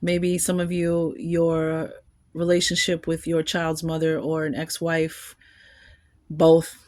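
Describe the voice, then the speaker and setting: A woman's voice: low voice, monotone, slow pace, a little mellow. A woman giving a collective tarot reading, musing aloud and rambling, with small laughs between thoughts. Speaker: tarot card reader.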